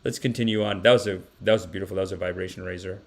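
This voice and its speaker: A man hosting a casual livestream podcast, reacting to clips with lively joking commentary, laughing often and talking straight to his chat. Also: low voice, very fast, vocal fry, background noise.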